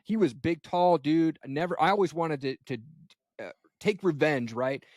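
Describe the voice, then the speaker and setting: A man's voice: a little high, animated, normal speed, a little mellow, no echo, studio quality. A man in his forties hosting a podcast, talking in a laid-back, reflective way and often saying "man.". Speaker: podcast host. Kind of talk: casual conversation.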